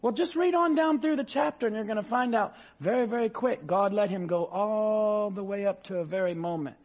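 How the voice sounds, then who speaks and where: A male preacher with a high, husky voice delivers a fervent sermon, rising to shouts and drawing out scripture slowly. The recording sounds dull and lo-fi.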